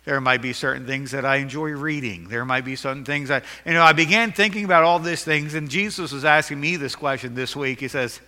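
A man's voice: mid-range voice, fairly quick, few pauses, pushed and bright, in a large hall. A man preaching a sermon as pastor, earnest and emphatic, with self-deprecating jokes.

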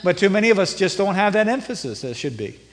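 A middle-aged male pastor preaching a sermon, rising to emphatic peaks and then dropping low and conversational. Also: big pitch swings, fast. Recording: long reverb of a church hall.

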